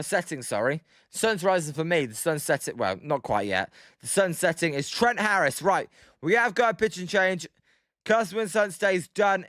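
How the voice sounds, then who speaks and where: A man's voice: a bit bright, clean tone, no echo, studio quality. Chatty British man calling a livestream. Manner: chatty, reads chat aloud between pitch calls. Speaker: livestream host. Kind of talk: live play-by-play commentary with chat.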